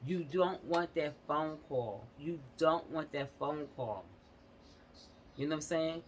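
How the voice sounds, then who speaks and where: A woman's voice: sits low, takes it slowly, slight background noise, poor audio. A woman hosting a casual commentary vlog, talking bluntly and emphatically, often repeating herself and checking in with "you know what I'm saying". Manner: blunt, uses mild profanity. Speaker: channel host.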